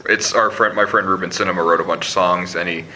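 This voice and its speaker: Laid-back low-voiced guest musician. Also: male voice, fairly even intonation, fast talker. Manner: laid-back, hesitant with fillers and laughs. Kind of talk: live podcast interview. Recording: live room recording with background noise.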